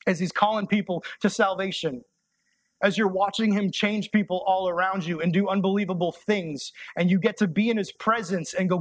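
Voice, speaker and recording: A young man preaching a sermon as a youth pastor, conversational and impassioned, sometimes dropping to soft, intimate tones. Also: high-pitched, fairly even intonation, moderate pace, no echo.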